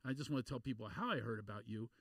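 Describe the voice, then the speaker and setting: A man from Philadelphia hosting a podcast, chatting in an animated, joking way. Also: mid-range voice, racing, breathy edge, dry recording. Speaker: podcast host and comedian. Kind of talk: casual interview chat.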